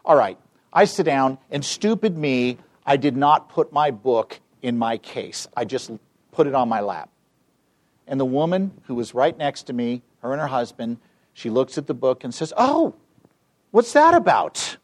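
A man's voice: medium pitch, normal speed, a little mellow. Emphatic man telling a story in a talk. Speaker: seminar speaker. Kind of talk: live training talk with storytelling.

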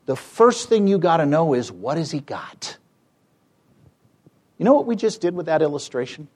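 A man's voice: a little high, big pitch swings, normal speed, darkish tone. A man in his fifties from the United States, giving a persuasive public talk with rhetorical questions and wry humor. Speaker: public speaker and campus debater.

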